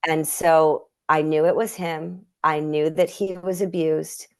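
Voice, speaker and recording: Woman with a low voice, earnest emotional storytelling, lots of restarts, sounds like a video call. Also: steady tone, unhurried. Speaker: guest healer. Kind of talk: personal storytelling in conversation.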